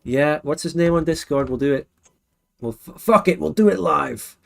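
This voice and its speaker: A man's voice: a little high, gravelly, a bit bright. Frank Scottish man hosting a stream. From Scotland. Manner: chatty, frank, quick to laugh. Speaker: livestream host. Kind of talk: casual late-night stream chat.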